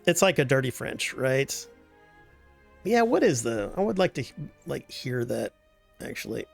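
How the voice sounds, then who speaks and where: A man's voice: medium pitch, vocal fry. A man streaming a game live, chatting casually, rambling and joking, swearing now and then at the game. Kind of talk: casual livestream chat.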